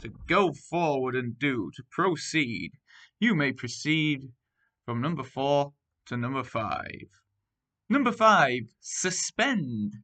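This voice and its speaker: Bright, slow-paced teacher dictating spellings. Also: male voice, on the high side. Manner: clear, deliberate word-by-word dictation with example sentences. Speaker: primary school teacher. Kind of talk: reading a spelling test.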